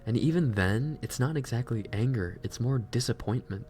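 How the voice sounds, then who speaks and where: A man's voice: medium pitch, lively intonation, moderate pace, darkish tone, soft background music. A man hosting a livestream, chatting casually and reflectively while reading out chat messages. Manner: musing, self-reflective, reads chat aloud. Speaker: livestream host.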